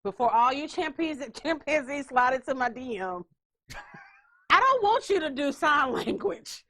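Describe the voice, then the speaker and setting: A woman's voice: sits high, very animated, moderate pace, bright, forceful tone. A woman hosting a podcast in casual chat, brash, joking and profane. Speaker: podcast host.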